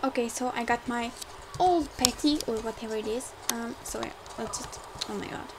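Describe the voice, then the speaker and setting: A young woman rambling through casual gameplay commentary, full of fillers and quick to get frustrated, recorded at home on a desktop mic. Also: fairly high pitch, noisy background. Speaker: game let's player. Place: home room, car audible outside.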